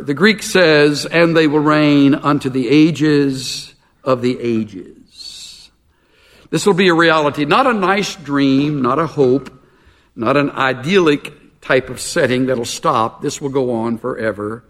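A man preaching a sermon in an earnest, measured way, dropping low for emphasis. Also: fairly bright tone, in a large hall. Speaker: pastor.

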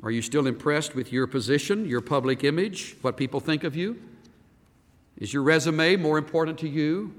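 A male pastor preaching a sermon, animated and full of rhetorical questions. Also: a little high, in a large hall.

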